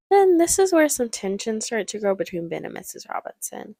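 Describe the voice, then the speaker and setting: A woman's voice: fairly high pitch, very animated, moderate pace, mellow, no room sound, studio quality. A young woman giving casual, joking movie commentary, laughing often.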